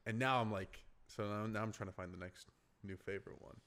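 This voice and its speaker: A man's voice: fairly low pitch, fairly even intonation, brisk, a bit bright. A man hosting a podcast, chatting casually, laughing easily and talking about doing accents. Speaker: podcast host.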